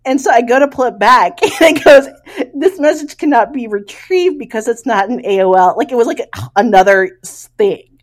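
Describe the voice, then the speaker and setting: A woman's voice: a little high, moderate pace. A middle-aged woman co-hosting a podcast, telling a funny story from her past in casual chat. She laughs often and acts out the people in it. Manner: animated, laughing storyteller who acts out quoted voices. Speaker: podcast co-host.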